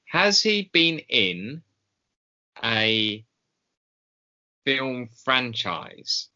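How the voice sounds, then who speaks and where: A man co-hosting a podcast in casual chat, slow and hesitant with many ums and pauses. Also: mid-range voice, big pitch swings, pushed and bright, dull audio. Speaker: podcast co-host.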